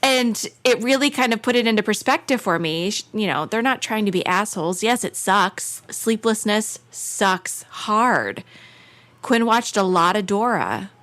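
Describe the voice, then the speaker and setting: A woman's voice: medium pitch, expressive, unhurried, a bit bright. Earnest, frank woman telling stories. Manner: earnest storyteller, candid and frank. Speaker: podcast guest. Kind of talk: casual chat.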